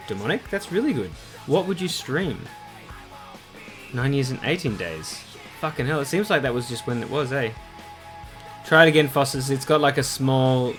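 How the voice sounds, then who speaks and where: A man with a mid-range voice chats casually on a livestream as he paints a model. He's loose and sweary, reading chat messages aloud and answering them.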